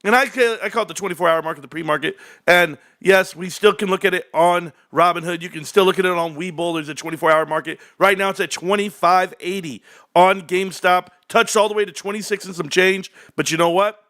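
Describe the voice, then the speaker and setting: Man, livestream host, high voice, hyped and loud, rambling rant to a live chat. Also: steady tone, brisk. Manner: hyped, loud and rambling, jumping between topics. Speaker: stock market livestream host.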